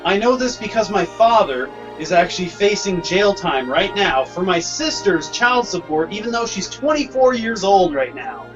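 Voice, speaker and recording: High-voiced blunt man in a chat. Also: sing-song, moderate pace, few pauses, lo-fi sound, music in the background. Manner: blunt, pressing a question. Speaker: voice chat participant. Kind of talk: heated group chat.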